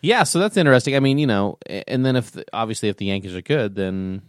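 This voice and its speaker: A man's voice: fairly low pitch, expressive, fast, clear, resonant tone, no echo. Wry man talking sports, dry sound. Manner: wry, rambling, talks in fragments. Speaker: podcast co-host. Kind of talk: casual sports chat.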